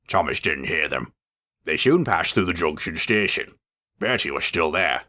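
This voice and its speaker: A man reading a storybook aloud with lively, expressive narration. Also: deep voice, moderate pace.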